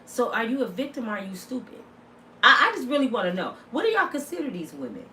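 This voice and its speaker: Animated woman ranting bluntly in a roomy space. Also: a little high, fast talker, distant mic, a little hiss or hum. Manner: loud, blunt, animated, with many asides. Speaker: commentator. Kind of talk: comedic opinion rant.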